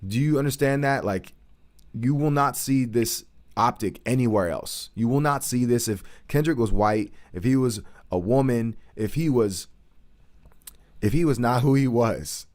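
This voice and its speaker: A man's voice: medium pitch, unhurried, darkish tone. A man hosting a livestream, giving earnest, emphatic commentary on current events and repeating his points to stress them.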